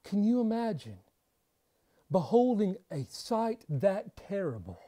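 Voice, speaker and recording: A woman preaching a sermon, stressing points by repeating them and swinging between hushed and forceful delivery. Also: medium pitch, very animated, slow pace. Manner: emphatic, repeats key phrases for stress.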